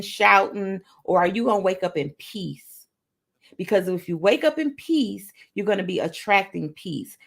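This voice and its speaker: A woman's voice: on the low side, gravelly. A woman hosting a motivational affirmation session, speaking emphatically and repeating each affirmation aloud, with playful sing-song bursts. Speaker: motivational talk show host.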